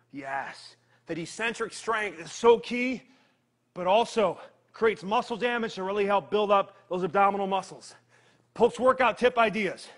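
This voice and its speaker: A man with a high voice, a fitness trainer, leads a live workout. He keeps things lively and joking, counting down the reps while working hard through the exercises himself.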